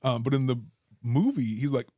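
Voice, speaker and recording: A woman co-hosting a podcast in relaxed casual chat with dry humor. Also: rumbling low, normal speed, no echo. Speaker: podcast co-host.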